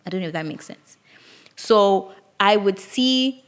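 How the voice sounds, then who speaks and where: A woman's voice: medium pitch, animated, unhurried. A young woman, hosting a solo podcast and reflecting candidly aloud, with frequent restarts. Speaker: podcast host.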